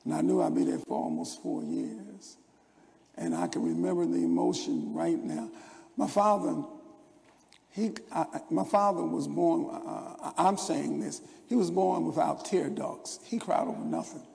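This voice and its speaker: Older male pastor, high gravelly voice, rambling sermon storytelling, echoing church hall. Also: sing-song, a little slow, darkish tone. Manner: rambling storytelling with stammered restarts. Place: church sanctuary. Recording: long church hall reverb.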